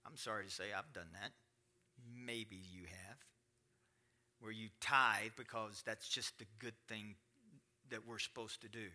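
Here a middle-aged pastor's voice is fairly low, bright and forceful, and he keeps a measured pace with frequent pauses. His sermon begins as plain conversation with the congregation and climbs into emphatic preaching.

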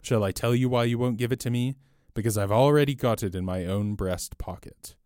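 A man reading aloud and voicing a tall, bold master thief who poses as a priest, low and steady, then mocking and boastful. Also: moderate pace, dry recording, studio quality, natural voice.

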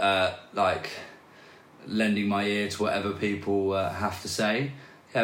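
A man speaks as a podcast guest in a relaxed, halting way, often restarting his sentences. His voice sits fairly low. The recording carries a noticeable room echo. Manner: hesitant, with many restarts and fillers. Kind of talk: casual conversational interview. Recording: roomy echo.

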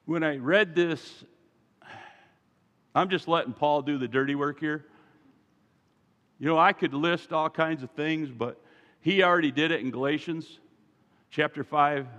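A man preaching a sermon as pastor, moving from quiet asides to loud, emphatic calls to his congregation. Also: a little high, long reverb tail. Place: church sanctuary.

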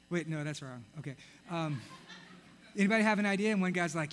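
Lively storytelling preacher. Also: male voice, fairly high pitch, fairly quick, a little hiss or hum. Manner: animated storytelling, acting out characters. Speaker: pastor. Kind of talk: sermon.

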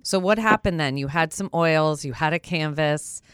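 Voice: medium pitch, moderate pace, a bit bright, smooth, no echo. An enthusiastic interview host asking questions in a playful way.

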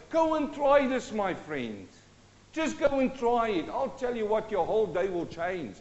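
A man's voice: very high voice, lively intonation, fairly quick, darkish tone. A man preaching a sermon as pastor, exhorting his listeners with rhetorical questions. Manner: exhorting, rhetorical questions, sings a hymn line. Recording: dull, long-reverb church hall.

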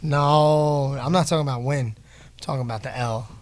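A man's voice: mid-range voice, moderate pace, no echo. A man hosting a casual podcast chat, teasing and joking with his guests. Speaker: podcast host.

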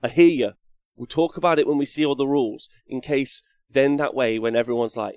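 An English man chats loosely about his hobby, rambling from point to point and joking at his own expense. His voice sits at a middling pitch. The sound is dry and close, with no room around it. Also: fairly even intonation, moderate pace, vocal fry, a little mellow, no echo. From England. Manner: rambling, jokey, swears, reads chat comments aloud. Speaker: wargaming show host. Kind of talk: casual live-stream chat.

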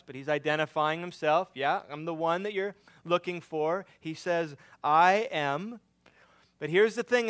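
A man delivers a sermon, slow and deliberate. His voice sits fairly high for a man and comes through smooth and resonant. He moves between earnest, emphatic lines and quiet, hushed asides. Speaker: pastor.

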